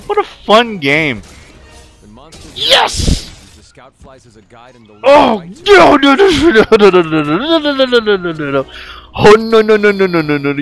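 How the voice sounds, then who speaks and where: A man giving excited, jokey commentary as he plays a video game, swearing, yelling and chanting through the fights. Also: high voice, measured pace, pauses often, soft background music. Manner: loud, jokey, swears a lot, yells and chants during fights. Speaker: gaming streamer.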